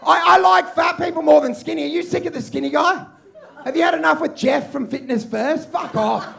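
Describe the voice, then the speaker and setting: An Australian man performing a loud, ranting stand-up set on a comedy club stage, often shouting. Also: very high-pitched, a little fast, gravelly.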